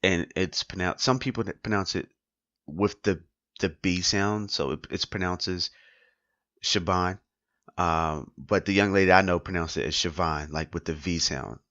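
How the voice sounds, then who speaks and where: A man's voice: deep voice, normal speed, fairly bright tone, no room sound, highs cut off. A man hosting a solo podcast, talking casually and repeating his points with rhetorical questions. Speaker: podcast host.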